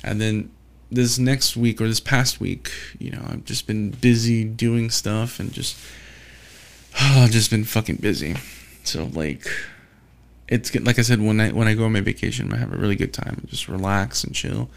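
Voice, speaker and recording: A man's voice: lowish voice, steady tone, normal speed, creaky. A man talking alone in a casual, rambling monologue, swearing often and restarting his sentences as he rants. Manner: profane, exasperated ranting with frequent restarts.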